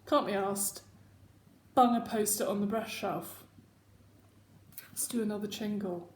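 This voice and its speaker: A woman's voice: medium pitch, steady tone, a little slow, a little hiss or hum. A woman hosting her own casual video chat, rambling and self-mocking as she talks at home. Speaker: host. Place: home room. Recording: echoey home room.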